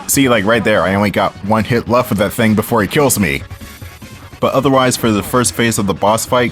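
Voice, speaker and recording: A man's voice: lowish voice, a bit bright. A man giving casual, sarcastic gameplay commentary, often laughing at his own jokes. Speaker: let's play commentator.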